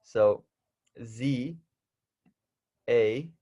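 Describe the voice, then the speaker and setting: A man's voice: medium pitch, drawn-out words, warm tone, dull audio. Man patiently teaching letter sounds. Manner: patient, repeats and stresses each letter sound. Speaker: Arabic alphabet teacher. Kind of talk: casual instructional lesson.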